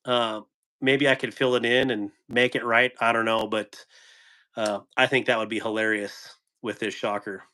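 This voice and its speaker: Speaking at medium pitch and normal speed with a flat, bright, forceful delivery, an American man chats loosely on a live stream for his knife channel. He rambles, chuckles often and answers viewers while showing off gear.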